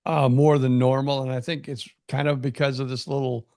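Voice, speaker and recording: Male podcast co-host, gravelly, with a halting storyteller delivery and a dry, close sound. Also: mid-range voice, no room sound. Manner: halting, repeats words, animated storytelling. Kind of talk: casual chat.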